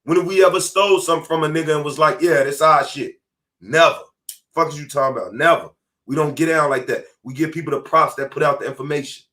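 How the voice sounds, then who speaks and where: A man's voice: a little high, fast talker, fairly bright tone. A man hosting a podcast, delivering an angry, profane and confrontational monologue from home. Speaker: podcast host.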